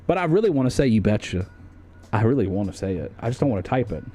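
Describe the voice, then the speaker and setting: A man's voice: medium pitch, very animated, racing, mellow, a little hiss or hum. A young man streaming, chatting casually in a jokey, profane way.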